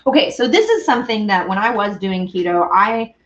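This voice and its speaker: A woman's voice: mid-range voice, lively intonation, brisk, a bit bright, highs cut off. A woman hosting a casual baking stream, chatting bubbly with viewers and a small child. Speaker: baking show host. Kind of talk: casual baking livestream chat.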